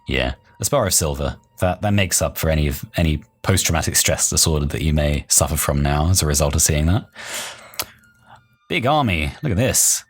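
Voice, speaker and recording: A man's voice: very deep voice, animated, normal speed, husky. A man hosting a gameplay video, reading the story text aloud and adding joking asides. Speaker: let's play host.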